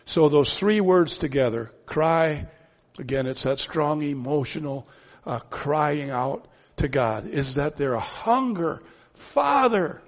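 Male preacher, slightly high voice, earnest and pleading, muffled sound in a big echoing hall. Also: a little slow. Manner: earnest, pleading, with rhetorical questions. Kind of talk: sermon. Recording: dull sound with long hall reverb.

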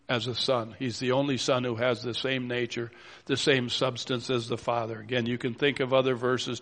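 Gravelly-voiced man preaching in a reverberant hall. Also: mid-range voice. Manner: teaching, steady and explanatory, reads verses aloud. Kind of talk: sermon. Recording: long reverb of a church hall.

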